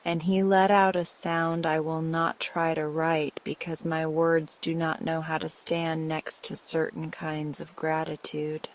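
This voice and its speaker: Slow, low-voiced woman narrating a sleep story. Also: flat delivery, low-quality recording. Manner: soft, slow and soothing. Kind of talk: calm scripted bedtime story narration.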